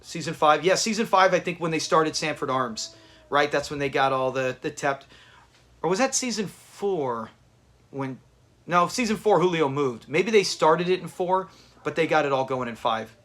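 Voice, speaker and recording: A man's voice: on the high side, expressive, normal speed, a bit bright. A man hosting a live watch party, chatting casually with viewers and thanking them by name. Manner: chatty, reads out viewer names, restarts often.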